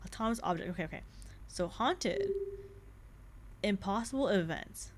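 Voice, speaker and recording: A young adult woman streaming a game with casual commentary, excitable and jumpy, laughing and swearing often. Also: mid-range voice, normal speed. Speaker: VTuber streamer.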